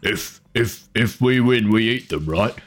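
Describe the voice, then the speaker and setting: A man voicing a dim, hungry two-headed male giant who talks slowly and bluntly. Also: on the low side, animated. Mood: dopey. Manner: slow, dopey, blunt.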